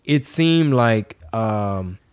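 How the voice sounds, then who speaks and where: A man's voice: lowish voice, lively intonation, extremely slow, clear, resonant tone. Profane, rambling man hosting a podcast. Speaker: podcast host. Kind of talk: casual podcast chat.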